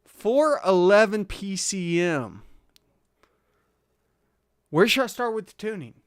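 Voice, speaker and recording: A man's voice: high-pitched, expressive, slow pace, clean tone, dry recording, clean studio sound. A man hosting a live car tuning stream, chatting casually, answering viewers' questions and chuckling often. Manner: laid-back, chuckling often, reads chat aloud.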